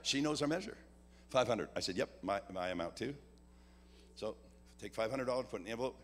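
A man preaching at a church service. He tells a personal story, acts out each side of the dialogue, and builds to a loud call to give. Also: on the low side, expressive, fast. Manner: builds to a loud exhortation about giving. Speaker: guest preacher. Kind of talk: sermon with a personal testimony. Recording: long hall reverb with a faint hum.

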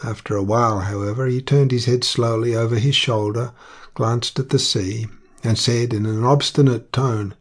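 A man narrating an audiobook in a measured, unhurried reading. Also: medium pitch, fairly even intonation.

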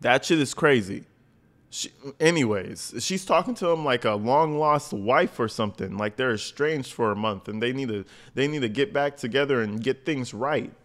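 Male commentator with a blunt, crude, mocking delivery, mid-pitched voice. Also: normal speed, a bit bright. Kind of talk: profane reaction commentary.

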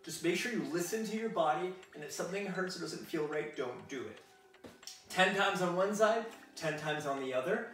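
A man's voice: sits high, lively intonation, normal speed, fairly bright tone, distant mic. A man from a French-speaking background leading a kids' workout at home, upbeat and encouraging as he counts reps and guides stretches. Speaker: kids fitness instructor. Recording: echoey room, mic set back, faint music.

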